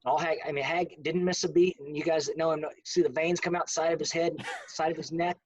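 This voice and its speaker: A man telling a lively wrestling anecdote and acting out the lines he quotes. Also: on the high side, fast, low-quality recording. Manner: lively storyteller who acts out the quoted lines. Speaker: former college wrestler. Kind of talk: casual anecdote.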